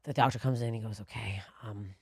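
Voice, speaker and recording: A woman co-hosting a podcast, telling a story in a profane, animated way that swings from low muttering to loud bursts. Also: fairly quick, no room sound, studio quality. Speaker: podcast co-host. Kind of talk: storytelling in casual podcast chat.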